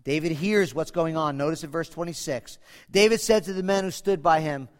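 Male preacher, high animated voice, dramatic sermon delivery, echoey church hall. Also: a little fast. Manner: animated, dramatic, swings from loud to hushed.

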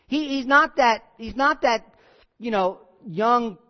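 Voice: mid-range voice, slow, lo-fi sound. A pastor preaching a sermon and teaching through a Bible passage in a conversational way, repeating key phrases and asking the congregation questions. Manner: animated, asks the congregation questions.

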